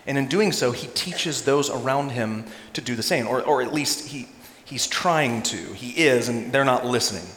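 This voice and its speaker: A man preaching a sermon as pastor, animated and acting out quoted voices with humor. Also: medium pitch, moderate pace, slight background noise. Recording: echoey church hall.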